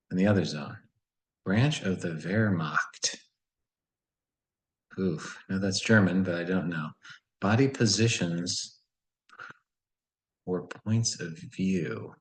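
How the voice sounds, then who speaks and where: A deep-voiced man works through a word puzzle, thinking aloud in a casual, musing way and often second-guessing himself. The recording sounds rough.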